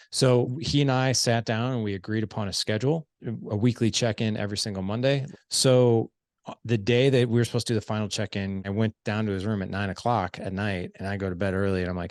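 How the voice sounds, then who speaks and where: A man's voice: fairly low pitch, a little mellow, dry recording, clean studio sound. A man, a guest on a conversation show, candidly retelling a tense moment with his son and acting out both sides of the talk. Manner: candid, self-reflective. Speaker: guest, father. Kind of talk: storytelling in conversation.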